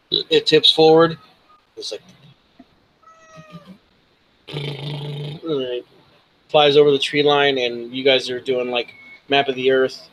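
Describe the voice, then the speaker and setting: A man narrates a tabletop game as game master, at an average pitch. His narration is casual and full of swearing and stops and starts. It sounds loose and conversational. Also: fairly bright tone, low-quality recording. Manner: casual, profane, halting narration.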